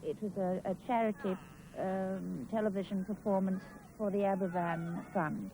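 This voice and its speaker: A woman's voice: medium pitch, fairly even intonation, moderate pace, very noisy. A woman from Wales, an actress answering interview questions hesitantly, with many "um"s and restarts.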